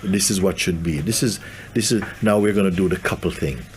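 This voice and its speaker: Male spiritual teacher, low pitch, gentle, easy laughter. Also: a little fast. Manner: gentle, laughs often, playful. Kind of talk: spiritual talk to a gathering.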